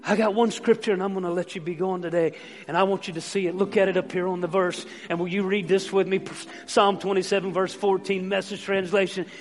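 In a church sanctuary, a male pastor preaches passionately, repeating lines and urging the congregation to say them with him. His high-pitched voice has little pitch movement and runs a little fast, with long church reverb and faint music in the recording.

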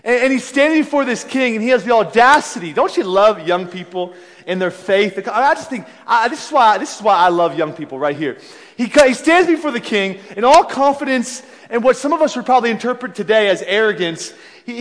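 A young adult man from Philadelphia, preaching a sermon as a pastor and telling stories with animated voices. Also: very high-pitched, brisk. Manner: storytelling, animated, acts out voices, self-deprecating laughs. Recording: long hall reverb.

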